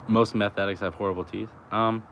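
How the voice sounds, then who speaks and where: A man's voice: fairly low pitch, fairly even intonation, brisk, fairly bright tone, slight background noise. A young man talking in a loose, rambling, profane way, full of fillers, outdoors by a road. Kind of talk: casual rambling chat.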